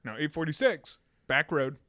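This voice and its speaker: Casting: young man, podcast co-host, high lively storyteller voice, bright and animated. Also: normal speed. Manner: animated, laughing storyteller acting out a kid's screams. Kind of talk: casual storytelling chat.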